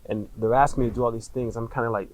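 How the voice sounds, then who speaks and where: A man in his thirties, a podcast guest, telling a personal story candidly, in casual slang with frequent swearing and halting restarts. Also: mid-range voice, fairly even intonation, crowd noise, rough recording.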